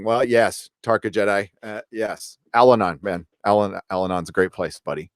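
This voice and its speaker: A man hosting a casual live stream, reviewing an episode and reading out viewer comments in a rambling, relaxed way. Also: on the low side, normal speed, no room sound, clean studio sound. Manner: rambling and relaxed, many fillers and restarts.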